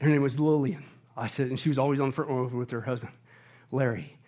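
A middle-aged male pastor preaching a sermon, animated and often shouting on his high points. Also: quick pace.

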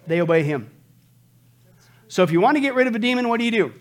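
A man's voice: high-pitched, expressive, fast talker. A man preaching a sermon, emphatic, often asking rhetorical questions to the crowd.

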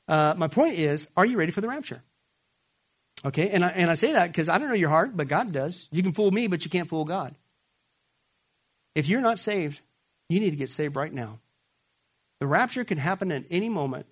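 A man preaching a sermon, talking straight to his listeners and pushing his points hard. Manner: emphatic, builds to raised, excited pitch when quoting; addresses listeners directly as folks. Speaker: pastor.

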